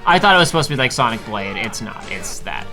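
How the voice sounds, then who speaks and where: A man's voice: mid-range voice, very animated, quick pace, music in the background. A man casually chatting through a video game playthrough, explaining menus and poking fun at himself. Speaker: co-host guiding a let's play. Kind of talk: casual gameplay chat.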